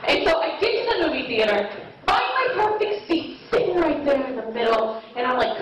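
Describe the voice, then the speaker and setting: A woman's voice: high-pitched, expressive, normal speed, a crowd in the background. A woman doing a stand-up set, chatty and self-mocking, laughing at her own jokes. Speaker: stand-up comedian. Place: comedy club stage. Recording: echoey club, mic heard from far, audience.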